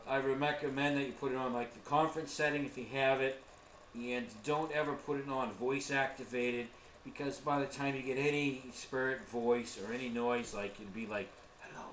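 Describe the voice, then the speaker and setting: A ghost hunting tour guide with a medium-pitched, fairly bright voice gives a casual but earnest how-to talk on ghost hunting gear, often calling his viewers "folks." It's a roomy live stream recording with slight background noise.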